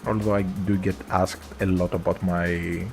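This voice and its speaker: A man from Greece with a thick Greek accent chats through a relaxed game stream at normal speed. His voice is low and gravelly, and he rambles easily with plenty of fillers while faint game music plays behind him.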